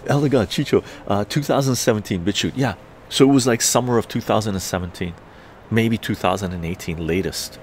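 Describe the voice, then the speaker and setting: Over slight background noise, a man with a lowish voice tells a story at a brisk pace. It's a heated, profane rant delivered as a live-stream monologue.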